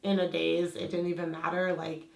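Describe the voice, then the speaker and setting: A woman's voice: on the low side, little pitch movement, normal speed, creaky, a little mellow, reverberant. A woman with a slight lisp telling a personal story to camera in a chatty vlog style. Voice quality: slight lisp from aligner trays. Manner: chatty, lots of "like" fillers. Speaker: vlogger.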